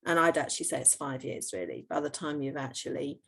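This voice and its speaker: A middle-aged woman talks through her work as a homeopath. Her voice sits fairly low and carries a gravelly edge. She explains patiently, pausing on "um" and "you know" and restarting phrases as she goes. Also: lively intonation, a bit bright. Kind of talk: explaining in a podcast interview.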